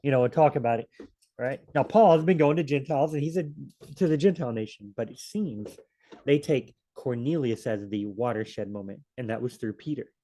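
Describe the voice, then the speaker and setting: Man, casual bible study teacher, rambling, self-correcting, mid-pitched voice. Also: a little fast, mellow.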